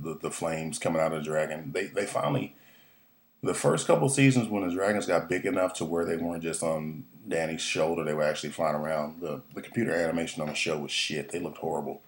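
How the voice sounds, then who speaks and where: A man giving a casual, profane, excitable recap of a TV episode, rambling with lots of fillers and restarts. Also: rumbling low. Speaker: podcast host recapping a TV episode.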